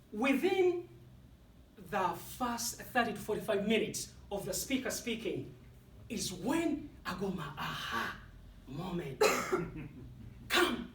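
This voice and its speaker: A man with an African accent delivers a motivational speech to an audience, taking his time over each phrase. His pitch leaps and swoops dramatically, with punchy pauses between lines. He sounds echoey and distant, as if picked up from far back in a hall. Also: big pitch swings, slight background noise. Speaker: motivational speaker. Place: speaking hall with live audience.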